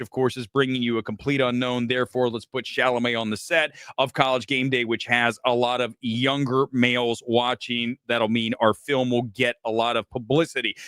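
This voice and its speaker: A middle-aged man from Ohio who hosts a film show, giving casual, profane livestream commentary and swinging between loud outbursts and low asides. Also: clear, resonant tone, no room sound, studio quality. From Ohio, USA. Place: home studio, speaking to a laptop.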